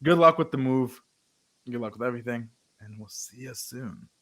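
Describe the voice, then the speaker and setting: A male host in an easy, upbeat interview chat who swears casually and laughs a lot. His voice sits at a middling pitch. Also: moderate pace, fairly bright tone. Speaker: podcast host.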